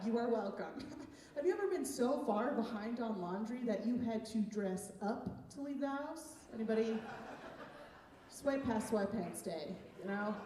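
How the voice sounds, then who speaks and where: A woman's voice: a little high, warm tone. A woman doing a stand-up set on a comedy club stage, chatty and self-mocking, laughing at her own jokes. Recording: echoey room, far from the mic, noisy.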